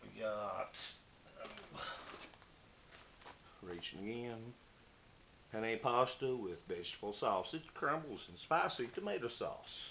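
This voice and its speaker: Through muffled, noisy lo-fi camera audio, a man rushes through an unboxing vlog of knives and meal kits, folksy and rambling. His mid-range voice is very animated and has vocal fry.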